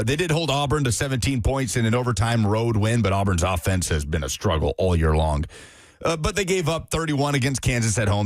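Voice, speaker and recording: A man's voice: fairly low pitch, no echo, clean studio sound. A man co-hosting a sports radio show, breaking down a game in casual talk with frequent fillers. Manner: analytical, hedging with fillers.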